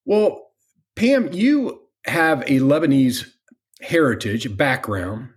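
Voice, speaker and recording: A man hosting a relaxed interview, his voice sitting at an ordinary middle pitch. He asks friendly, leading questions and chuckles along with his guests. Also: takes it slowly. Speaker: interview host. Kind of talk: casual interview chat.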